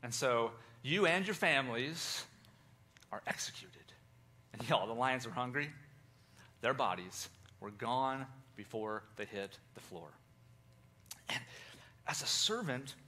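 A man telling a Bible story in first person with theatrical, animated delivery, addressing listeners directly. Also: mid-range voice, measured pace, pauses often.

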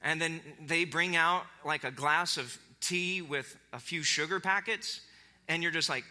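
Guy preaching, high bright voice, real lively, acts out the quotes. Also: normal speed. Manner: animated, acts out quotes with big pitch jumps. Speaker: pastor. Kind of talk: sermon.

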